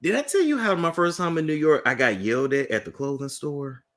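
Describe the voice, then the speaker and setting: A man hosting a casual chat, telling lively stories and laughing often. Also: on the high side, a little fast. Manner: animated storyteller, laughs a lot. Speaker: host.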